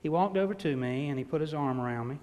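A pastor in his sixties, preaching in a church with a slightly high-pitched voice. He tells stories in an animated, self-deprecating way. A long hall reverb trails each phrase. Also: fast talker. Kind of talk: sermon with personal storytelling. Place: church sanctuary.

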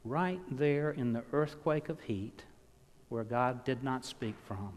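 A man delivering a sermon, telling stories and swinging from loud emphasis down to hushed words. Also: medium pitch, unhurried, slight background noise. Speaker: pastor. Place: church. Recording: long reverb of a church hall.

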